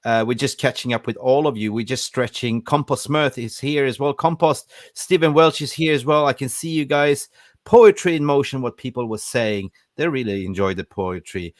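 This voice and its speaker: A man's voice: mid-range voice, normal speed, no echo, studio quality. A man hosting a live fan podcast, reading out and greeting viewers from the chat with energy. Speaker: podcast host.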